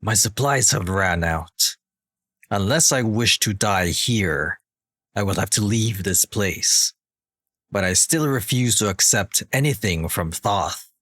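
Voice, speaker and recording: A man voicing a bitter, wary male villain scholar in a slow, grave reading. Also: lowish voice, lively intonation, a bit bright, dry recording, heavily acted. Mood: grave warning.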